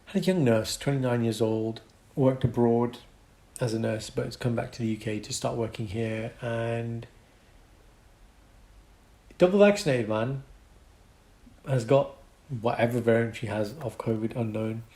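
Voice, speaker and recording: Animated British man in an echoey room. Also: mid-range voice, measured pace. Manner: animated, laughs often, acts out quotes. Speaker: podcast co-host, doctor. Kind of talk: casual chat.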